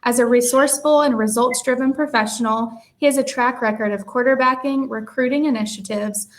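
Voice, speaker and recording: A woman moderating a conference panel, reading out speaker introductions in a friendly, steady, scripted way. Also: on the high side, fairly quick.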